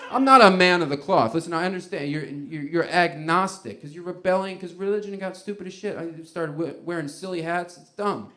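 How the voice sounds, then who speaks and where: A man's voice: fairly high pitch, a little fast, few pauses, pushed and bright. Rambling stand-up comedian, man. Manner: rambling, conversational, laughing at his own bits. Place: comedy club stage before a live audience.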